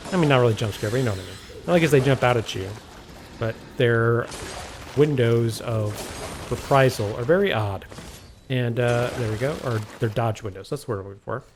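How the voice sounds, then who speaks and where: Guy rambling through a game walkthrough, wry asides, mid-pitched voice, faint hum behind. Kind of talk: casual gameplay commentary.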